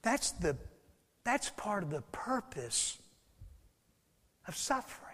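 A pastor preaching a sermon, swinging between loud, urgent passages and hushed whispers. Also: male voice, high voice, big pitch swings, takes it slowly. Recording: long hall reverb.

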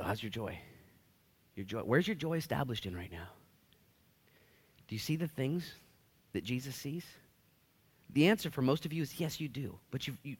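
A man's voice: mid-range voice, husky. A man in his thirties, a pastor preaching a sermon, who acts out the voices of people in the stories he tells.

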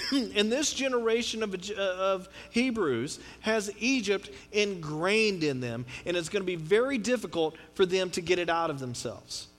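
High-voiced pastor in a reverberant hall. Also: male voice, lively intonation, measured pace, a bit bright. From Texas. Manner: conversational, rambling preacher with frequent restarts and asides. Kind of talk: sermon. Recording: long hall reverb with mains hum.

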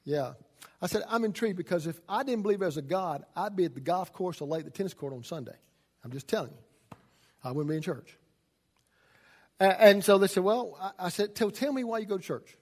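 A man preaching a sermon as a pastor, folksy and swinging from loud emphasis to hushed asides. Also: high-pitched, expressive, a little fast, long pauses.

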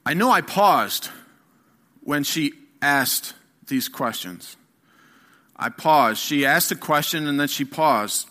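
A middle-aged man giving an earnest personal testimony as a sermon, telling his story haltingly with fillers and restarts. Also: medium pitch, bright, forceful tone. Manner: earnest, candid. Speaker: guest speaker.

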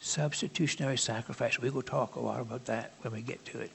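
A man preaching a sermon in a conversational, halting way, with asides to the congregation. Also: medium pitch, flat delivery, vocal fry, long reverb tail, a little hiss or hum.

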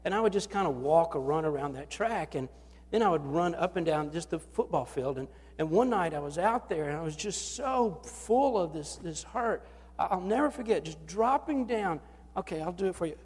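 A man's voice: sits high, expressive, moderate pace, a little mellow, husky. Preacher man with a hall's long echo. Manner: conversational preaching with acted-out quotes and repeated restarts. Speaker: pastor. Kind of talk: sermon. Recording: long reverb of a large hall.

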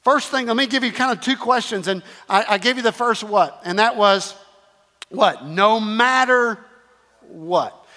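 A man's voice: extremely high pitch, fairly quick, few pauses, sharp tone, long reverb tail. A man preaching a sermon, repeating phrases emphatically and calling the congregation to respond. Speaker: pastor.

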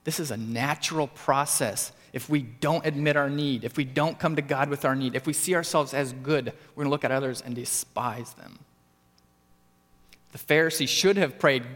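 A man preaching a sermon with earnest emphasis, his voice climbing for stressed points and dropping low for quiet ones. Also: moderate pace, in a large hall. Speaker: pastor.

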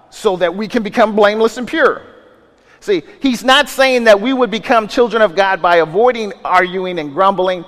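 High-voiced pastor preaching in a hall. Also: male voice, fairly bright tone. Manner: conversational preaching with rhetorical questions and many restarts. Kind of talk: sermon. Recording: long reverb of a large hall.

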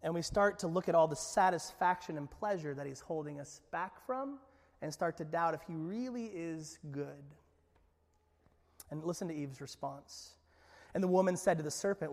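A man's voice: on the high side, normal speed, darkish tone, long reverb tail. A man preaching a sermon as pastor, in an emphatic, conversational way.

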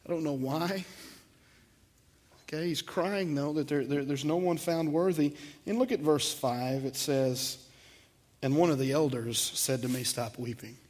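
Emphatic preaching man, higher voice. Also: unhurried, a little mellow. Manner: emphatic preaching with swells in volume, repeats words. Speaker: pastor. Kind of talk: sermon.

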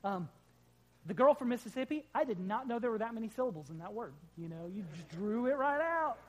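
A man's voice: extremely high pitch, expressive, fairly quick, rough recording. A man preaching a sermon in a church to a live congregation, talking casually and joking with the people in the pews, on a corded microphone. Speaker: pastor.

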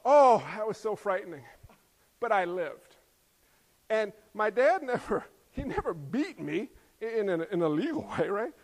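A middle-aged man preaching a sermon, animated and acting out voices as he tells stories. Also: sits high, a little slow. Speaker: pastor.

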